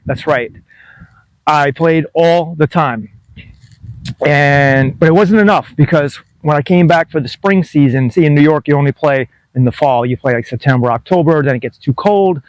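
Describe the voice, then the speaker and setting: A man's voice: a little high, no echo, poor audio. Chatty fifty-something man, dry sound. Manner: rambling, self-deprecating, chuckles often. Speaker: tennis vlogger. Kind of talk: casual storytelling to camera.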